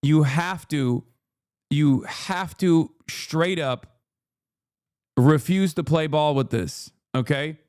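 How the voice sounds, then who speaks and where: A man streams a heated, casual commentary rant, swearing freely and pressing every point with a pointed "okay?". His voice sits a bit high for a man, and the sound is dry and close with no room around it. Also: slow, a little mellow, smooth, no echo. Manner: profane, emphatic, keeps asking "okay?".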